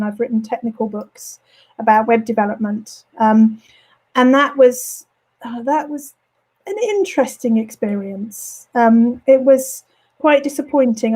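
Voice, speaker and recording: A woman with a mild Birmingham accent and flat vowels talks through an interview in a relaxed, chatty way, full of ums and restarts. Her voice sits a little high but sounds mellow and soft-edged. By now it is going slightly hoarse. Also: poor audio. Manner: chatty, frequent ums and self-corrections. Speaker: author. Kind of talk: casual interview chat. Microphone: home studio setup.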